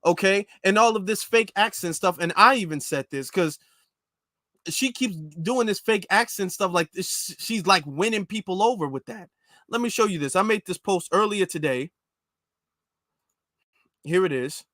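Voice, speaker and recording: A man's voice: high voice, normal speed, bright, forceful tone, no room sound, studio quality. A man hosting his own channel, giving emphatic, repetitive reaction commentary and driving his points home over and over.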